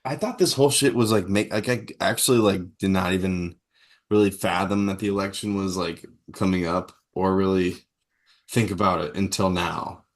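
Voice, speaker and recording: A man's voice: low-pitched, steady tone, moderate pace. A man co-hosting a podcast, making crude jokes in casual chat. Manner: crude, joking interjections. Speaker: podcast co-host.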